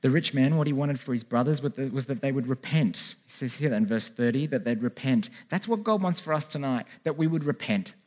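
A man's voice: medium pitch, lively intonation, a little fast, few pauses, a little mellow. A man preaching a sermon in a church, with earnest, pleading calls to turn to God. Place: church hall with a congregation.

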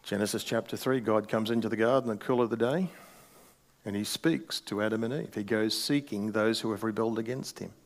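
A man's voice: fairly low pitch, brisk. A middle-aged male pastor preaching a sermon in a conversational way, with wry asides.

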